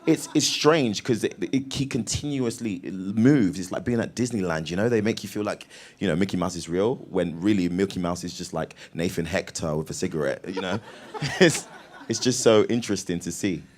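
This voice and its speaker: A young British man, an actor guest, telling stories in a lively, laughing way during an interview. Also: deep voice. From Britain. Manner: animated, laughing storyteller with quick restarts. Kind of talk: casual interview chat.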